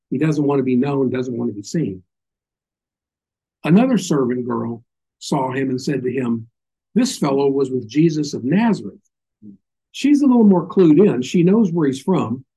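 A man's voice: mid-range voice, dark tone, husky, rough recording. Southern older man teaching the Bible. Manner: folksy storytelling with asides. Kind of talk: informal sermon.

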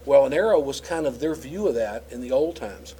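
A man's voice: mid-range voice, lively intonation, fairly quick, warm tone, slight background noise, poor audio. Man casually teaching scripture. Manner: casual, explanatory, with frequent fillers and restarts. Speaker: Bible teacher. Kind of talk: conversational Bible teaching.

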